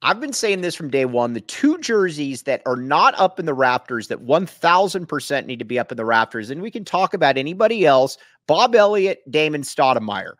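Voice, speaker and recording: Male podcast host, casual sports chat, lively swings in pitch, dry close sound. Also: brisk, hardly any pauses, dry recording. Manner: animated, hypes sponsor read.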